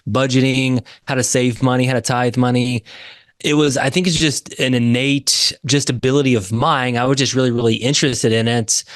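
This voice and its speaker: A man's voice: mid-range voice, dry recording, clean studio sound. A man from Indiana, a real estate investor, telling his story as a podcast guest in an earnest way. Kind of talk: podcast interview.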